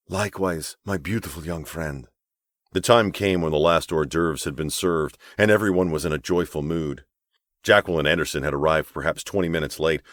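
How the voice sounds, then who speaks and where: A man narrating an audiobook novel with expressive storytelling. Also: extremely low pitch, no echo, clean studio sound. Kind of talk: scripted narration.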